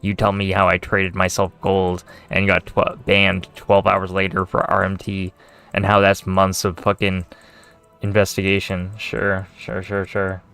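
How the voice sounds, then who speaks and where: A lowish male voice in a loose, profanity-laced rant, with sarcastic asides and exasperated sighs. Faint music plays quietly behind him. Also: monotone, a little slow, clear, resonant tone. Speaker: gaming video creator. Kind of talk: casual rant to camera.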